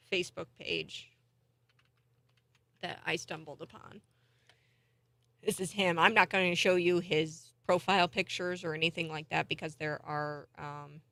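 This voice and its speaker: A woman's voice: lowish voice, gravelly, no room sound. A woman hosting a morning talk show, giving chatty, indignant political commentary. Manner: chatty and indignant, thinks out loud.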